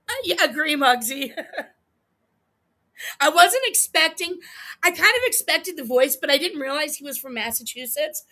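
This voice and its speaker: A woman's voice: high voice, pushed and bright. A woman hosting a livestream, reacting to a clip with profane, heated, laughing commentary. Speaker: livestream host. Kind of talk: casual commentary stream.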